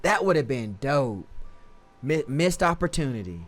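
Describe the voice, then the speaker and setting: A man talks through a life-sim game on a live stream in an easygoing, slangy way. He trips over words and fixes them as he goes, and his voice sits at an ordinary, mid-range pitch. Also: sing-song, unhurried, faint music behind. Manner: laid-back, slangy, corrects himself often. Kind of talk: casual gameplay commentary.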